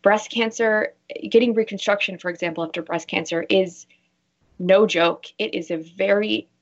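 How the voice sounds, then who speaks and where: A woman's voice: medium pitch, fairly even intonation, moderate pace. A woman guest expert on a radio show, talking earnestly and acting out the voices she quotes. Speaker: guest expert, bra fitter. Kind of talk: casual radio interview. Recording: dull lo-fi sound.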